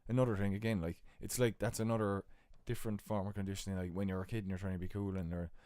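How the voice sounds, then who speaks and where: A young Irish man with a broad Cork accent, his voice sitting low and heavy. He rambles through stories with easy, jokey banter, recorded close and dry in a bedroom. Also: flat delivery, fast, dark tone, no room sound. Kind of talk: casual chat.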